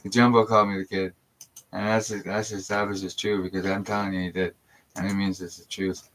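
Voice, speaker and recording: Man, very deep even voice, profane rambling vlog talk. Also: fairly quick, slight background noise, rough recording. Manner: rambling, profane, repeats himself. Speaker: vlogger. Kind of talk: rambling monologue.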